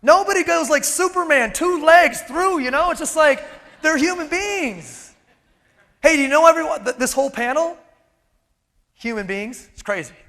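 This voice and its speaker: A man with a very high, bright, forceful voice drives a live motivational keynote and pushes the crowd with rhetorical questions. His words ring out with a long reverb from the big event hall. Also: normal speed, creaky. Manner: energetic, emphatic, with rhetorical questions. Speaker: motivational speaker. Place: large event hall on stage.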